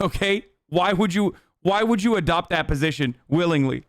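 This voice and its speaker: A man hosts a livestream of heated, sarcastic political commentary, ranting with plenty of swearing. His high voice is expressive, his pace moderate with hardly any pauses, and the studio-quality audio has no echo.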